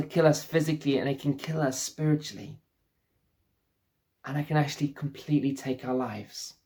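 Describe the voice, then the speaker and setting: A man's voice: on the high side, a little mellow. A man preaching a sermon as pastor, earnest and repeating phrases for emphasis.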